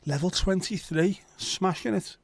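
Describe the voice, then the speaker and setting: A man's voice: high voice, a little slow, vocal fry, dry recording. A man who hosts a casual live stream, chatting and joking and greeting viewers by name. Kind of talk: casual watch-along chat.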